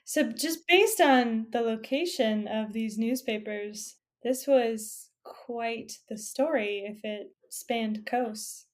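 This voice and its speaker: A woman's voice: fairly high pitch, slow pace, few pauses, soft background music. A woman co-hosting a podcast in casual chat, with playful, giggly reactions. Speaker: podcast co-host.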